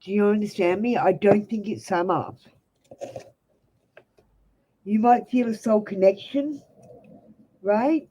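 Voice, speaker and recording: A woman's voice: mid-range voice, slow pace, pauses often, background noise. Blunt Australian woman reading tarot. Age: young adult. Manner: blunt, direct advice to viewers. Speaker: tarot reader. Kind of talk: live-stream tarot reading.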